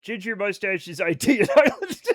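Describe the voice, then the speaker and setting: At home at night, an excitable, high-voiced man livestreams a space game and chats casually with his viewers. He swears a lot and drifts into rambling asides.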